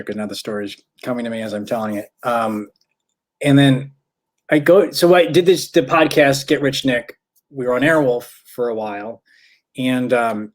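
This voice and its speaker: A male stand-up comedian from St. Louis spins a long anecdote in a loose, rambling podcast chat. He backtracks and corrects himself mid-sentence, then jumps into the voices of the people in the story. His pitch sits in the middle of the usual male range. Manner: rambling, self-correcting, acts out quoted voices.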